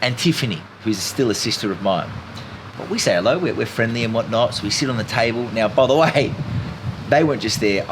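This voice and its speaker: A man telling a story in an animated, emphatic way as a podcast guest. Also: mid-range voice, a little fast, background noise. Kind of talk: casual storytelling chat.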